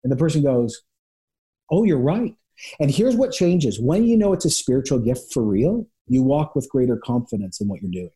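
A man speaks as a guest pastor on an interview podcast, with a mellow, warm tone. He tells lively stories, slipping into quick impressions of the people in them. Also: medium pitch. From Canada. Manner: animated storyteller, acts out quick voices of people. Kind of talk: conversational interview.

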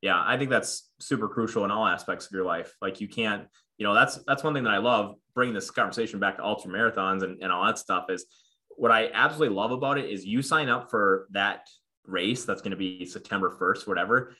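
A man's voice: on the low side, fairly quick, bright, forceful tone. A man in his thirties, a guest in a casual interview, talking earnestly with lots of fillers and restarts. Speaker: podcast guest.

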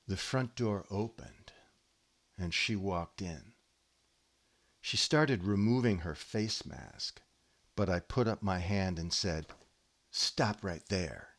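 A man hosting a podcast, giving a deadpan comic monologue with mock-earnest, solemn delivery. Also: sits low, slow, long pauses. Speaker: podcast host.

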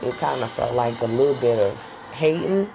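Woman storyteller, unusually low voice, blunt and candid with casual swearing, music playing behind. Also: lively intonation, normal speed, vocal fry, dull audio.

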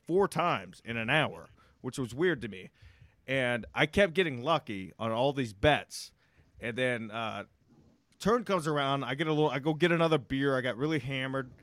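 Brief: slightly high man, self-mocking storyteller, dry close mic. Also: a bit bright, no room sound. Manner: laid-back, self-mocking, swears. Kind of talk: casual storytelling.

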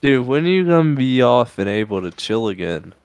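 A man's voice: medium pitch, very animated, brisk, darkish tone, clean tone, no echo. A man co-hosting a podcast in casual chat, a bit tipsy, laid-back and rambling, swearing and joking. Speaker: podcast co-host. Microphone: studio mic, no camera.

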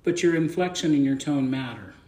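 A man's voice: mid-range voice, expressive, a little fast, dark tone, roomy sound. A man preaching a conversational sermon as pastor, plain-spoken and folksy, often repeating words as he thinks aloud.

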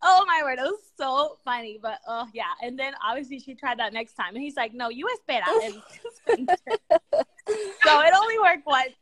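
A young woman chatting casually as a co-host, telling lively family stories and slipping in Spanish words. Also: high-pitched, moderate pace, dry recording. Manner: animated storyteller, mixing in Spanish words. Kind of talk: casual chat.

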